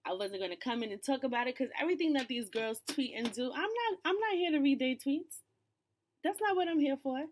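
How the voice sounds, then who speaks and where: A woman's voice: mid-range voice, a little hiss or hum. A woman hosting a casual pop-culture commentary channel off camera, talking in a loose, slangy way with lots of fillers. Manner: chatty, loose, slangy, with frequent "you know" and "um". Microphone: off camera, voice-over.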